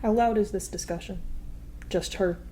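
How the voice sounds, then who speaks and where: A woman's voice: medium pitch, normal speed, crowd noise. A woman playing a tabletop role-playing game, describing her character's actions in a playful, wry way. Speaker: player. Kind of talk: casual tabletop game play.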